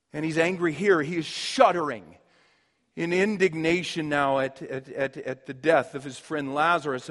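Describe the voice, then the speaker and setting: A man preaching a sermon as pastor, impassioned, swinging from loud emphasis to hushed, near-whispered lines. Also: high voice. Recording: long hall reverb.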